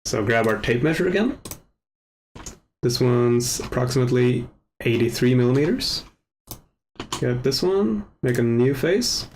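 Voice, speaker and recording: Man muttering through a casual software tutorial. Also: mid-range voice, unhurried, long pauses, a little hiss or hum. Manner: relaxed, self-mocking, mutters to himself while working. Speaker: tutorial host. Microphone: desk microphone with gain set too high. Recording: overdriven mic with faint keyboard clicks.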